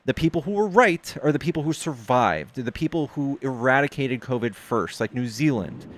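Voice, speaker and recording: A man hosting a casual online debate, blunt and profane, leaning on statistics. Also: medium pitch. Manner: blunt, swears, cites data. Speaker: debate streamer.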